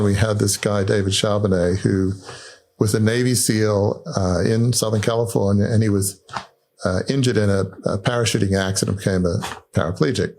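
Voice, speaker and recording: Reflective man hosting, lower voice. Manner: reflective and warm-hearted storytelling. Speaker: podcast host. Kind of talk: interview conversation.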